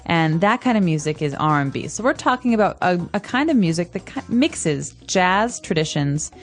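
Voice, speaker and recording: A woman's voice: lowish voice, sing-song, normal speed, faint music behind. A woman co-hosting a language-learning podcast, explaining things patiently with examples in a casual teaching chat. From United States. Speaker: podcast co-host.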